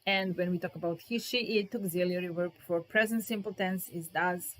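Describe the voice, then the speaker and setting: A woman teacher giving a live grammar lesson, speaking, repeating example sentences slowly and talking to viewers in the chat by name. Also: fairly low pitch. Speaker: English teacher.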